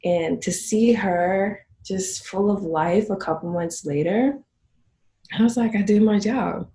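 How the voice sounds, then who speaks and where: A middle-aged woman as an interview guest, telling stories warmly and acting out her clients' words. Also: mid-range voice, slow pace, reverberant. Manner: warm storytelling, acts out clients' lines. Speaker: guest, photography business owner. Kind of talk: conversational interview.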